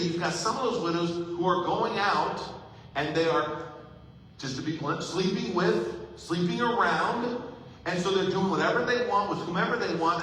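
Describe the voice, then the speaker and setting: Bright-voiced pastor preaching in a hall. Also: male voice, sits high, a little hiss or hum. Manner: conversational storytelling with jokes. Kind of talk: sermon. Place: church sanctuary. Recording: echoey hall from far off.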